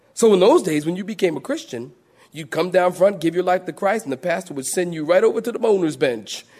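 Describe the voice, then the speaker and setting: A man's voice: high-pitched, darkish tone. A middle-aged male pastor preaching a sermon in a folksy storytelling way, restarting and repeating words, and acting out moaning church ladies.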